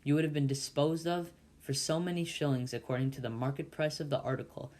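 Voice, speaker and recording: A man's voice: a little high, fairly even intonation, a little fast, darkish tone, lightly acted. A man voicing a pompous, self-satisfied older uncle who lectures a boy at the dinner table, in a storybook reading. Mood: lecturing. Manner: lecturing, bossy.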